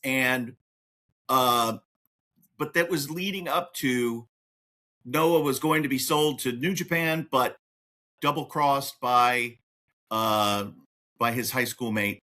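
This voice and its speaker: A man hosting a podcast in casual chat, talking excitably and swinging his pitch up and down. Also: slow, long pauses. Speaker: podcast host.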